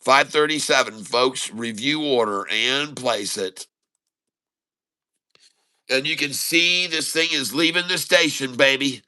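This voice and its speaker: A man giving excited running commentary on his live day trades, calling out prices and talking to viewers as folks. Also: medium pitch, slow pace. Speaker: day-trading streamer.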